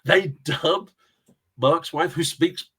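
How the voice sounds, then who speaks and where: Husky rambling man. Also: on the high side, slow pace, sharp tone. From England. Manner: rambling anecdotal storyteller, chuckles often. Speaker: interview guest. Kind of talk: casual chat.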